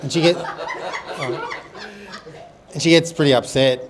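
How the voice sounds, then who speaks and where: A man's voice: a little high, steady tone, a little slow, background noise. A man, a local comedian, answering in short, laid-back replies before telling a joke. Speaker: guest comedian.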